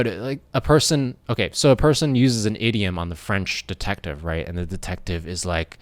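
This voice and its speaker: A man's voice: on the low side, animated, moderate pace, hardly any pauses, no echo. An American man hosting a casual commentary vlog, talking in an earnest, rambling way. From United States. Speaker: YouTuber.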